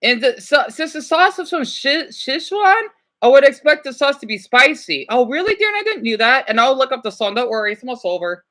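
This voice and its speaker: Woman, bright voice, fairly high, casual reaction chat, apologetic, hesitant. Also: big pitch swings, fairly quick. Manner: chatty, apologetic, hesitant restarts. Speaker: streamer reacting to videos.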